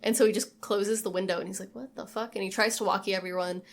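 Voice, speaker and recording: A woman co-hosts a casual podcast and walks through a film scene by scene. She talks in an animated, chatty way, swears freely and acts out lines as she goes. Her voice sits in an ordinary middle range. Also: mid-range voice, quick pace. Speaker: podcast co-host. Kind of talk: casual film recap chat.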